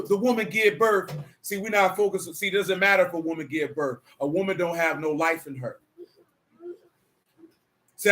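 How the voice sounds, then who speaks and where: Preaching man with a bright voice. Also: sits high. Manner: conversational, streetwise preaching with rhetorical questions. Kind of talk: sermon mixed with casual asides.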